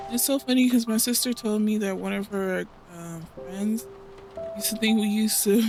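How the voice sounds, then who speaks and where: A woman hosting a cozy gaming channel, chatting in a rambling, casual way with frequent laughs and a fairly high voice. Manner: rambling, laughs often, self-interrupting. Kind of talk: casual chatty let's play commentary. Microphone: home desk microphone. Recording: game music behind the voice.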